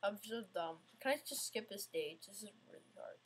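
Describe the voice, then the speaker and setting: A woman's voice: medium pitch, animated, normal speed, slightly rough. A woman giving casual, self-mocking gameplay commentary, getting frustrated and talking back at the game. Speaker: gamer playing an obstacle course game.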